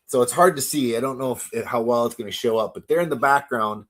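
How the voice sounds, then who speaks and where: A man hosting a live toy unboxing stream, gushing with excitement and often stumbling over his words as he reads viewer comments. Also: medium pitch, fast talker. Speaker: toy collector livestream host.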